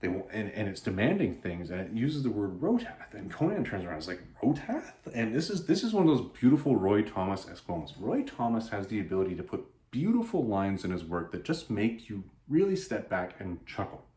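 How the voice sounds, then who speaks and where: Animated rambling man recapping a comic. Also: lowish voice, brisk, hardly any pauses. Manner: animated, rambling, self-interrupting. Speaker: comic book reviewer. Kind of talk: casual comic book recap. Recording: roomy echo.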